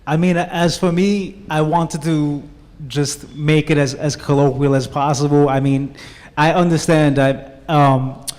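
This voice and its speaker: Hesitant man translator, slightly high voice. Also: fairly even intonation, measured pace, a little mellow. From Italian-American family. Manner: hesitant, repeats words, mixes in Italian phrases. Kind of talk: live panel answer. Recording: reverberant hall.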